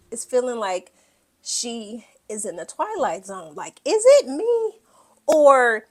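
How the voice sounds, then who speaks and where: A woman giving a casual, blunt and profane recap of a reality show, acting out what people said. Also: on the high side. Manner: animated, blunt and profane, acts out quotes.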